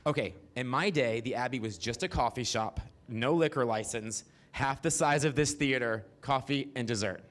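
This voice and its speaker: A man in his forties from the American South, telling brash, profane stories on a theater stage with sudden high squeals. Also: moderate pace, hardly any pauses, fairly bright tone. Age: 40s. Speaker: stand-up storyteller. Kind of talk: stand-up comedy storytelling.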